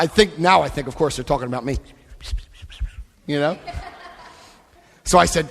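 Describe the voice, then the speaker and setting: A middle-aged American man addresses a recovery convention, joking and lively, acting out the voices in his stories. His voice sits a little high for a man. The sound carries a long reverb from the large hall. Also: moderate pace, creaky, pauses often. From United States. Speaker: AA convention speaker. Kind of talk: animated storytelling talk.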